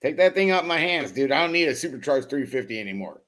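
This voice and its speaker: A man's voice: medium pitch, big pitch swings, fast talker, a bit bright. A man hosting a BMX live stream, reading chat comments aloud and teasing viewers with loose, profane jokes and frequent laughs. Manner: joking, profane, laughs often; loose and teasing with chatters by name. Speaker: host of a BMX live show.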